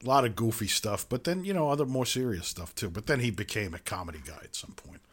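A man co-hosting a podcast, chatting casually about a film and often pausing on fillers. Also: fairly low pitch, animated. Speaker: podcast co-host.

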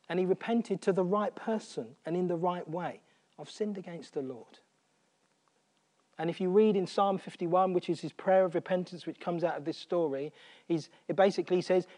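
A man preaching a sermon, earnest, repeating phrases for emphasis and dropping almost to a whisper on quiet points. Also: sits high, unhurried, long pauses.

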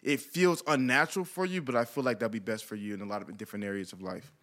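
A young man co-hosting a podcast in casual chat, earnest and animated, with loud laughs. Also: medium pitch, quick pace. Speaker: podcast co-host.

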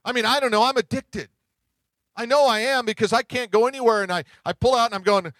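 A middle-aged man pastor giving a sermon, telling stories in a conversational way and dropping to hushed tones at tender moments. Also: very high-pitched, fast talker, no echo. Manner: conversational storytelling preaching, drops to hushed tones.

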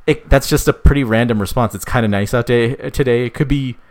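A man casually telling a made-up story, rambling with many fillers, swearing, and voicing the characters' lines in a higher pitch. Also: fairly quick, darkish tone.

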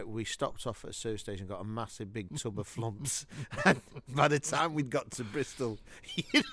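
A man co-hosting a casual comedy chat over a video call, teasing and quick with jokes and laughs. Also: on the low side, fairly bright tone. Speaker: co-host.

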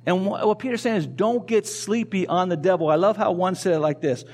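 A man's voice: high voice, a little fast, darkish tone. A male pastor preaching a sermon in a conversational way, asking the congregation questions and repeating key phrases. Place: church.

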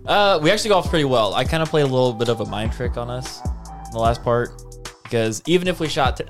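A man's voice: medium pitch, lively intonation, fast, over music. A man co-hosting a podcast in casual chat, a bit tipsy with hiccups, loose and rambling. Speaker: podcast co-host.

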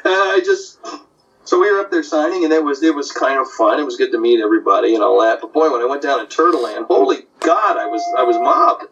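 A man's voice: medium pitch, fast, recorded from a distance, highs cut off. An older man, a comic artist, telling stories in casual talk and putting on voices for the people in them. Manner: animated, puts on voices in anecdotes. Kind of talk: casual storytelling.

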